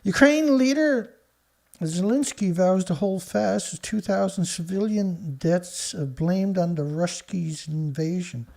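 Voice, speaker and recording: Gravelly sarcastic man hosting a live show. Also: high-pitched, takes it slowly, darkish tone. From Canada. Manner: sarcastic, rambling, scoffs at headlines. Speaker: host of a live news commentary show. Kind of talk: casual live-stream commentary.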